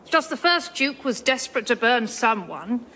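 Brief: a huffy, theatrical avenging spirit, bright and a bit high. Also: female voice, big pitch swings, normal speed, slightly rough, full character voice, low-quality recording. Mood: indignant. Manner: indignant, theatrical. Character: vengeful female witch-like ghost, huffy. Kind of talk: comedy sketch acting.

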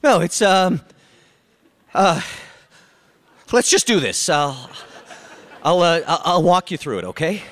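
An exasperated grown son in a comedy sketch, his voice mid-pitched and animated. He sighs and strains to stay patient with his mother. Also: slow pace, pauses often, heavily acted. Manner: exasperated, sighing, lively. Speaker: son helping his mother with her computer.

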